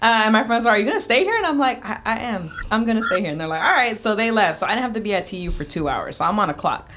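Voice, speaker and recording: A young woman races through an animated anecdote, slipping into little voices for everyone she quotes. Her pitch is mid-range, and her speech is packed with "like" and laughter-ready asides. Faint clicks sit under the track. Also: rapid-fire, noisy background. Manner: animated, acts out quotes with lots of "like". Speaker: in-game host guest. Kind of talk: casual storytelling on a radio show.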